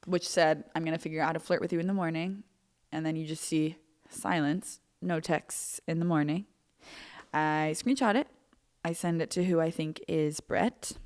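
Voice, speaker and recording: A young woman hosting a podcast, telling a story in a chatty, self-mocking way, full of "like". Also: lowish voice. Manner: chatty, animated, heavy use of "like", self-mocking. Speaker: podcast host. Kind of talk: casual storytelling.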